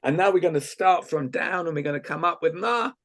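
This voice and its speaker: A man leading a guided laughter exercise over a video call, playful and gently coaxing, often laughing. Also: a little high, expressive, fairly quick. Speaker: laughter workshop leader.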